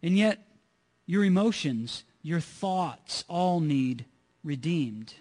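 A man with a high voice preaches to his congregation. He talks earnestly, repeats his points and asks rhetorical questions. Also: animated, slow, a little mellow. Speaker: pastor. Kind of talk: sermon.

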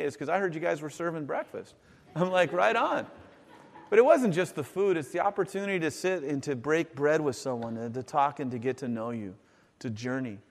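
A man preaches to his congregation, moving between animated, everyday talk and reading scripture aloud. His voice sits a little high for a man. The sound rings with the long reverb of a church hall. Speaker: pastor. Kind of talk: sermon.

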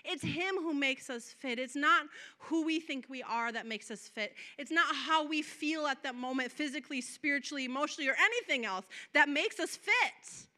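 A woman preacher delivering an impassioned sermon, moving between soft, drawn-out passages and loud, emphatic declarations. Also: high voice, expressive. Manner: acts out quoted prayers and dialogue.

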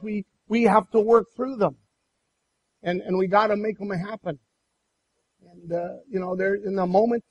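A man preaching a sermon and telling a personal story in an animated way, with many restarts. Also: sits high, slightly rough, rough recording. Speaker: pastor.

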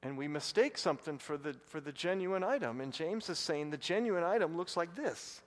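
A male pastor preaching a sermon, telling a personal story and rising to loud, excited bursts. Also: a little high, moderate pace. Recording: long hall reverb.

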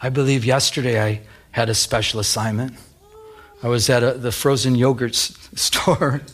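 A man's voice: medium pitch, fairly even intonation, normal speed, husky. A middle-aged man, a pastor, preaching a sermon in a conversational, storytelling way with many restarts.

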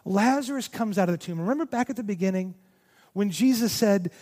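A male pastor delivers a heartfelt sermon with a rather high-pitched voice. He pushes some phrases out with force and drops others to a hush. His words ring out with a long echo through a large church sanctuary. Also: brisk. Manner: impassioned, swinging from loud emphasis to hushed near-whispers. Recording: long reverb of a large hall.

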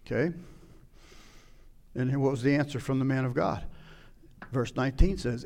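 A man preaching a sermon, retelling a scripture story and acting out its scenes with sudden loud outbursts. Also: medium pitch, moderate pace, creaky, pauses often. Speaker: pastor.

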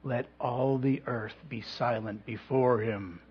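A man voicing a stern, towering English headmaster with a British accent, speaking slowly and solemnly in a hushed tone. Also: mid-range voice, steady tone, slightly rough, voice pushed down. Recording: dull lo-fi recording.

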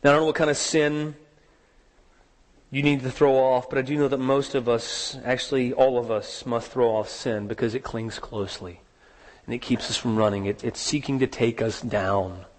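A man preaching a sermon, telling a story with rising dramatic emphasis and slowing down on key words. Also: medium pitch, steady tone, big-room sound. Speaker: pastor.

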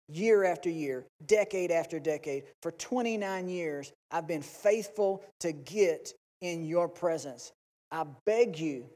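A man's voice: fairly high pitch, mellow. A man preaching a Sunday sermon with passion, acting out pleading prayers in rising and falling bursts. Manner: impassioned, acts out pleading prayers. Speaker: pastor. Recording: long reverb.

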